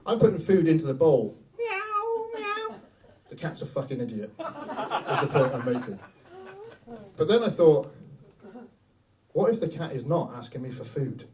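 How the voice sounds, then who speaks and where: A middle-aged comedian tells brash, profane stories on a club stage. His voice sits a little high and swings widely as he animates each bit. He is picked up from a distance, so the room carries his voice. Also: big pitch swings, normal speed, pauses often, warm tone. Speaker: stand-up comedian. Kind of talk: stand-up comedy set.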